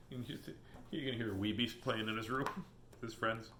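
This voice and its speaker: A man's voice: on the low side, a little slow, bright, forceful tone, echoey room, slight background noise. A man reading a children's picture book aloud on video, joking between pages and doing silly animal voices.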